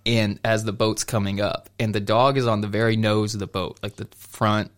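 A man's voice: lowish voice, little pitch movement, moderate pace. A young man casually telling a long story on a podcast, rambling with restarts and breaking into laughter. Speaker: podcast co-host.

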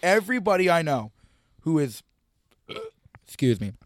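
A young man hosting a podcast, telling crude, animated stories in casual chat. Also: on the high side, moderate pace, dry recording, clean studio sound. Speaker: podcast host.

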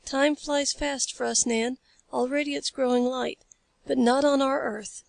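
A woman reading the lines of a calm, learned male scientist in a storybook, in a measured, explanatory way. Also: high voice, creaky, dry recording.

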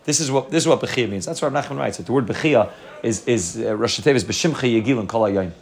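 Fast-talking man teaching a Torah class. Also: medium pitch, vocal fry. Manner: explanatory, repeats and restarts phrases, mixes Hebrew terms into English.

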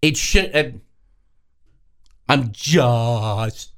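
A man's voice: medium pitch, extremely slow, a bit bright. A man hosting a sports talk radio show, talking in an exasperated, sarcastic way.

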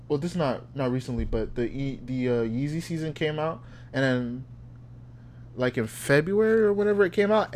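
Young male podcast host, casual storyteller, animated and laugh-prone. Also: mid-range voice. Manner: animated, acts out voices in anecdotes, laughs often.

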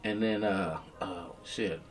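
A man telling his story to an interviewer in a rambling, profane, rapid-fire way, with a slight slur from a dental retainer. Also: sits low, faint music behind. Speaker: interview guest. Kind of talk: casual storytelling chat. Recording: distant from the mic.

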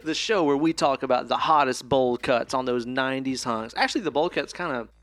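A man's voice: medium pitch, fairly quick, fairly bright tone, dry recording. A man co-hosting a podcast, chatting casually and enthusiastically about a movie, rambling a bit and swearing now and then. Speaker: podcast co-host. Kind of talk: casual movie review chat.

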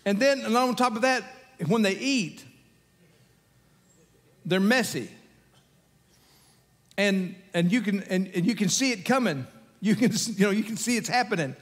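An older man preaches a sermon in a relaxed, storytelling manner, chuckling as he goes. His voice sits high for a man. A long reverb trails behind him, as in a big hall. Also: a little slow, long pauses. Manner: conversational, folksy, animated storytelling with chuckles. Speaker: pastor.

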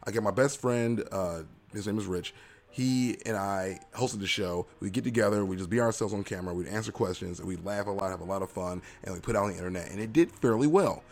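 A man's voice: fairly low pitch, fairly quick. A young man hosting a casual solo podcast. He talks in a rambling, self-mocking and playful way. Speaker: podcast host.

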